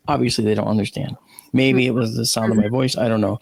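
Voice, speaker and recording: A man with a gravelly, creaky edge to his voice, a guest in an interview, spinning casual stories with plenty of restarts and repeated words. He acts out the voices of the people in his tales, and the sound is dry and close with no room echo. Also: medium pitch, fast talker. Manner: animated anecdotes, acting out his own and others' lines. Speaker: guest, astronomer and video analyst.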